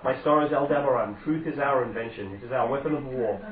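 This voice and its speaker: A man's voice: mid-range voice, quick pace, lightly acted. A man doing a menacing masked stranger. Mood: grandiose. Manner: grandiose, declaiming. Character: menacing masked male stranger proclaiming doom. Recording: echoey, distant, phone-like sound.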